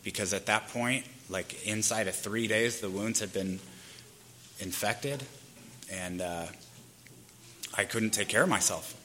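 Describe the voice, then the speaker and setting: A man's voice: on the low side, a little slow, pauses often, bright, forceful tone, a little hiss or hum. A man in his thirties candidly telling his own life story in a loose, rambling way, peppered with fillers. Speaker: speaker sharing his recovery story.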